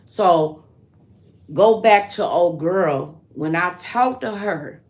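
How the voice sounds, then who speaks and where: Woman, livestream host, slow unhurried talk, lowish voice, casual storytelling, chats with her viewers. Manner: chatty, animated storytelling; answers chat with endearments.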